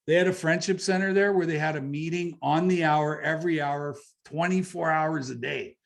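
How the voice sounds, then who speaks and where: A man's voice: on the high side, fairly even intonation, normal speed, vocal fry. A middle-aged man from Canada, telling a personal story as an interview guest in a blunt, conversational way, swearing freely and repeating phrases for emphasis. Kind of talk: candid storytelling.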